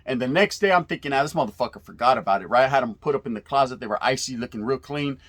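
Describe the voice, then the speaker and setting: A man's voice: mid-range voice, animated, rapid-fire, a bit bright. A man in his forties from California, casually telling stories in street slang with Spanish words mixed in and plenty of cursing. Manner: laid-back street slang with Spanish words mixed in, frequent profanity and "right?" tags. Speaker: storyteller recalling youth prison days. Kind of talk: casual storytelling.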